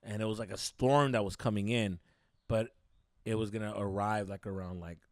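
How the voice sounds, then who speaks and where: A young man co-hosting a podcast, telling stories in a casual, profane, animated way with lots of fillers. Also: lowish voice, normal speed, dry recording, clean studio sound. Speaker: podcast co-host. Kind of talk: casual storytelling chat.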